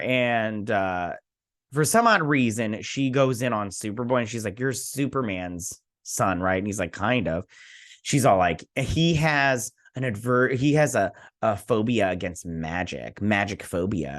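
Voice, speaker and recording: A young man casually recapping and reviewing a TV episode, rambling with many fillers and restarts. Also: mid-range voice. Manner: rambling with many fillers and restarts, paraphrasing characters in a flat aside. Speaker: TV review host.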